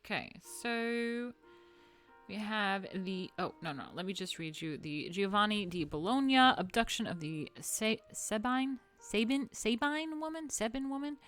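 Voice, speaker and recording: Woman rambling thru art history, jokey, cusses a lot, goes quiet to mutter stuff, faint music under her. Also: mid-range voice, animated, a little slow. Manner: playful, swears freely, mutters asides. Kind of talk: casual art history chat.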